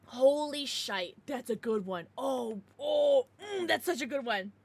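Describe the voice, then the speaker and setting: A woman streamer chatting casually with her viewers, excitable and swearing freely. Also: sits high, measured pace, gravelly. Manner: laughs and gasps often. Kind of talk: casual livestream chat with viewers.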